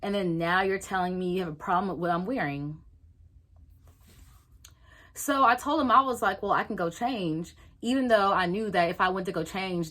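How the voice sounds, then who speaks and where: A young woman vlogger telling a casual story, animated, swearing freely and acting out what people said. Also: mid-range voice, moderate pace.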